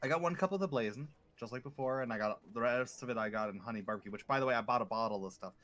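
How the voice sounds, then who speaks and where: A man's voice: medium pitch, rapid-fire, a bit bright, faint music behind. A man chatting casually with a friend while playing an online game, telling rambling stories full of fillers. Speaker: co-op gamer. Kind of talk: casual chat while gaming.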